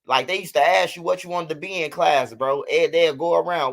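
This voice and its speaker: A man's voice: fairly high pitch, a little fast, gravelly, fairly bright tone. Profane, rambling man chatting on stream. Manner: loose, profane storytelling. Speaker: livestream host. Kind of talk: casual livestream chat.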